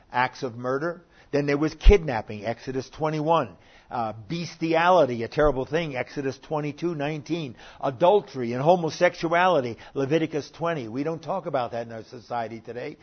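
Man, Bible teacher, sermon-style lesson, earnest, numbered points, fillers, muffled lo-fi recording. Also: a little high. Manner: earnest, methodical, works through numbered points with frequent filler pauses. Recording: dull lo-fi recording.

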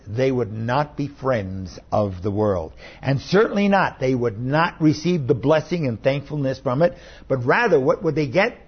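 A man's voice: mid-range voice, breathy edge, dull audio. A man preaching a sermon as pastor, explaining scripture verse by verse in an emphatic teaching manner.

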